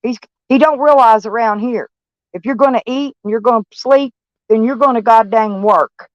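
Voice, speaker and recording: An older woman van-life vlogger speaks at normal speed in a fairly high-pitched voice, rambling bluntly and profanely about her day to camera. It's a dull, dry recording with no echo.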